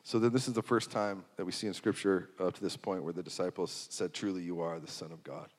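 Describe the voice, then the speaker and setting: A man preaching a sermon, swinging from hushed to loud and repeating phrases for emphasis. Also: sits low, fairly even intonation, fast talker. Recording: long hall reverb.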